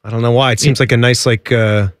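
A man's voice: mid-range voice, fairly even intonation, fast talker, clear, resonant tone, no echo, studio quality. A man co-hosting a radio talk show, describing things with eager enthusiasm and a rambling, filler-heavy way of talking. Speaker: radio co-host. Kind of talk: casual radio banter.

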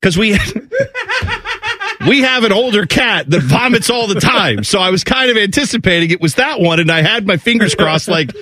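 A man's voice: sits high, very animated, normal speed, pushed and bright, no echo. A man hosting a morning radio show, telling a funny family story with lots of laughter and acted-out voices.

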